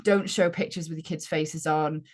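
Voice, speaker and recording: Woman cohost giving straight advice, really low voice. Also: steady tone, moderate pace, darkish tone. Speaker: co-host. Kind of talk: casual online panel chat.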